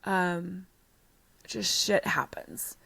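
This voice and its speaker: Blunt, animated woman telling her story. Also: on the low side, drawn-out words, gravelly, husky, dry recording. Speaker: podcast guest. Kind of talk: storytelling in an interview.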